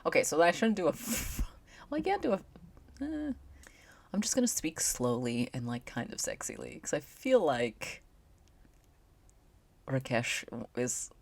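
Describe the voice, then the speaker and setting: A young woman with a very low, husky voice reads a visual novel aloud on stream. She chats in playful asides, and her pitch moves up and down a lot. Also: expressive, unhurried, long pauses, no echo. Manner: chatty, playful asides and laughter.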